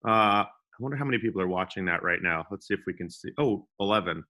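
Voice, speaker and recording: A man's voice: low voice, lively intonation, quick pace, bright, forceful tone. A young man co-hosting a comedy podcast, joking around and slipping into silly voices. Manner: goofy, puts on silly voices. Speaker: podcast co-host.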